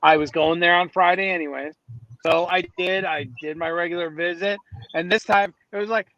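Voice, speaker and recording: A man with a high voice tells a story in a loose, rambling way, stumbling into restarts as he goes. The sound is muffled and lo-fi, and he is outdoors near a city street. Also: fairly even intonation, moderate pace, a loud crowd. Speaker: podcast guest. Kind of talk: casual storytelling.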